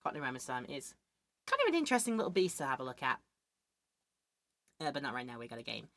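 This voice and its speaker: Streaming a game, a young woman chats away and performs character voices while reading aloud. She has a bass voice, very animated and slightly bright, talking quickly; the sound is dry and clean like a studio, with music playing behind her.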